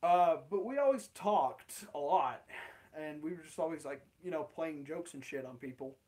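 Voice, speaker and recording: A man's voice: fairly high pitch, lively intonation, moderate pace, darkish tone. A young man casually telling an awkward personal story, rambling and swearing, with lots of fillers. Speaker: channel host.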